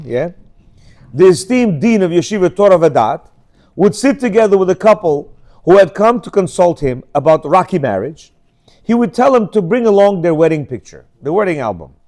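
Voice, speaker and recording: Emphatic high-voiced man teaching a class. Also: a little mellow. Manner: emphatic, repetitive, scolding. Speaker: religious teacher. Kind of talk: Torah class on marriage.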